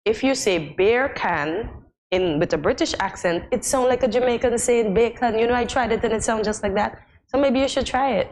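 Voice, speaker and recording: A woman's voice: a little high, fairly quick, slight background noise, poor audio. A woman with a Kittitian accent co-hosting a morning show, teasing and emphatic in casual studio banter. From St Kitts and Nevis.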